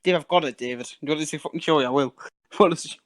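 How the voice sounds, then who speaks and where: A man's voice: fairly high pitch, rapid-fire, dry recording. A Geordie man chatting casually on a podcast, laughing often and swearing freely. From England. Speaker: podcast host. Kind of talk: casual chat.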